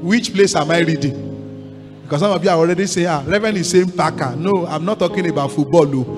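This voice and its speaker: High-voiced Nigerian pastor exhorting his church. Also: quick pace. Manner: exhorting, repetitive call-and-response with congregation. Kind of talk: sermon. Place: large church hall. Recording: long church hall reverb, faint music.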